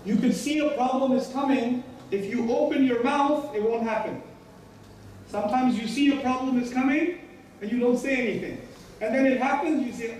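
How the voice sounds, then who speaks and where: A man's voice: very high voice, brisk, darkish tone, slight background noise. A man preaching a sermon, earnest and direct, acting out short everyday exchanges with other voices. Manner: earnest, acts out little dialogues with other voices. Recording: echoey hall, mic from a distance.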